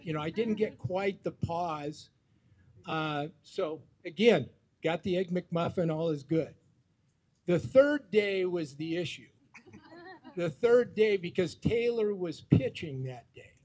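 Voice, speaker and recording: A middle-aged man with a notably high voice tells a long, rambling story in a tribute speech. He stumbles through many fillers and restarts as he builds up his jokes. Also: darkish tone. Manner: rambling, full of fillers, jokey anecdotes. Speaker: teammate giving a tribute speech.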